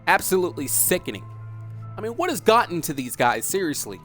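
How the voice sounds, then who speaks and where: A man's voice: fairly high pitch, sing-song, quick pace, fairly bright tone, soft background music. A man hosting a dramatic commentary vlog, talking emphatically, repeating himself and asking rhetorical questions. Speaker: host.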